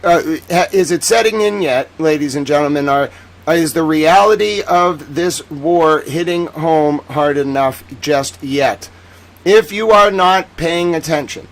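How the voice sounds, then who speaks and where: Man, livestream host, theatrical, sarcastic, booming then muttering, slightly high voice. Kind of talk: livestream news commentary. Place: home studio in Boston.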